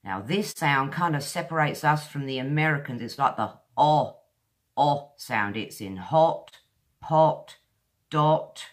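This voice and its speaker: A woman from England with a modern English accent, teaching pronunciation in a chatty video lesson and slowly repeating sounds to demonstrate them. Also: extremely low pitch, lively intonation. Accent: modern southern English.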